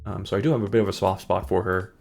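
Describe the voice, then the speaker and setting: Male streamer, low gravelly voice, rambling jokey chat over soft background music. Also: fairly even intonation, quick pace. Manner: rambling and jokey, with frequent ums. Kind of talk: casual live-stream chat.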